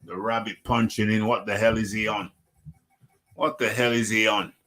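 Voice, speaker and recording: A man's voice: fairly low pitch, fairly even intonation, moderate pace, pushed and bright. A middle-aged man, hosting a casual solo fight recap and rambling, repeating himself and chuckling. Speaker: host of a combat sports radio show.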